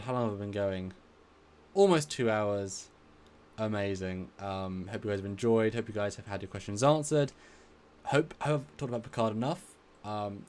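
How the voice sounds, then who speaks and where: A man's voice: lowish voice, a little mellow. A man from England hosting a casual live stream, effusive and rambling, often repeating himself.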